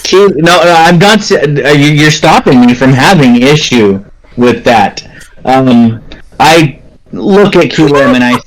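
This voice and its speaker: A man's voice: a little high, animated, a little slow, low-quality recording. A man chatting casually as a tabletop game player, joking with the group.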